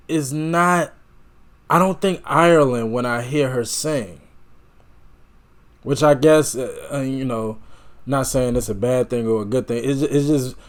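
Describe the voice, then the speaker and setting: A man hosting a reaction video, musing aloud in a meandering, self-correcting way. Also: mid-range voice. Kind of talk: casual reaction commentary.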